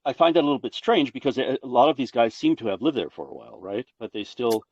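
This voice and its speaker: A man's voice: medium pitch, big pitch swings, a little mellow, dry recording. Hesitant older male caller, lo-fi. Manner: hesitant, halting, many uhs. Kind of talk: casual chat. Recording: dull lo-fi call audio.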